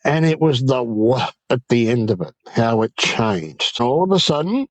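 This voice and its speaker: A man's voice: mid-range voice, unhurried, dry recording, poor audio. A man with an Australian accent, a guest on an interview show, animatedly recounting a night-time encounter and quoting what he and his friend said. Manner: animated storyteller, quoting himself and others. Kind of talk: telling an encounter story.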